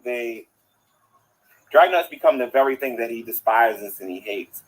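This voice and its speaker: A man's voice: mid-range voice, animated, unhurried, rough recording. A man outdoors ranting into his phone in a livestream, preachy and indignant, repeating himself for emphasis. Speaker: online commentator.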